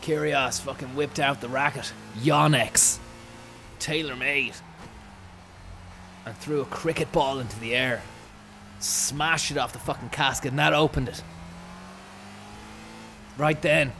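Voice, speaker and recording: A young Irish man rambling through an absurd, profane comic monologue in a deadpan way. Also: fairly high pitch, measured pace, pauses often, slight background noise. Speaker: comic storyteller.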